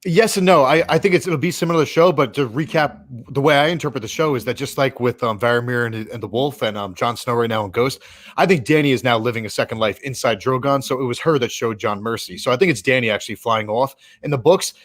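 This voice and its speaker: Fast-talking man, dry close sound. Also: medium pitch, dry recording. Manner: rapid, rambling, lots of "like". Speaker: podcast co-host. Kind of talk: casual livestream chat.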